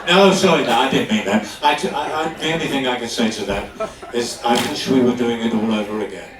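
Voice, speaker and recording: An older man from London, an actor telling anecdotes on stage with animated delivery and frequent laughs. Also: medium pitch, quick pace, crowd noise. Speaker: guest actor. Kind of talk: live stage storytelling. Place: stage in a club hall before an audience. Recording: echoey hall, distant mic.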